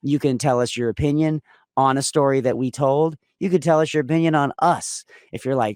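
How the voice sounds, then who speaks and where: A man's voice: medium pitch, a little fast, a little mellow, no echo, studio quality. A man co-hosting a casual podcast, talking in long rambling sentences with frequent restarts. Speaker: podcast co-host.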